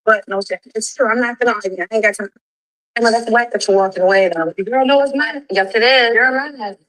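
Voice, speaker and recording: Insistent woman with a higher voice. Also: brisk, a bit bright, dry recording, low-quality recording. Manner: insistent, defensive. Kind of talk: heated discussion of a reality show.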